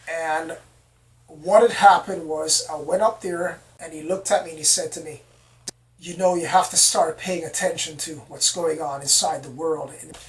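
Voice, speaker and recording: An excitable storyteller who rambles through a personal account and keeps repeating words. The voice sits at middle pitch and sounds somewhat far from the mic. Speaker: storyteller recounting an alien encounter. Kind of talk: casual spoken storytelling.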